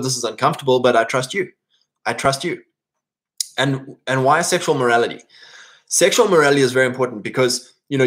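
A man's voice: medium pitch, fairly bright tone. A man from England, preaching an informal sermon in a conversational way, often checking in with "right?" and restarting his phrases.

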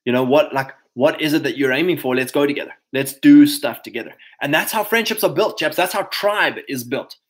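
A man hosting a casual livestream, talking to his viewers in an energetic, preachy way. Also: on the high side, a little fast, hardly any pauses, rough recording. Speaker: host.

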